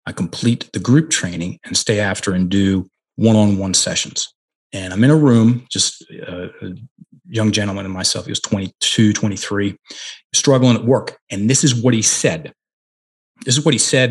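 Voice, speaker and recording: A middle-aged man, a guest on a podcast, telling a coaching story on a headset mic, emphatic and slowing down to stress key words. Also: fairly low pitch, breathy edge. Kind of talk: conversational storytelling.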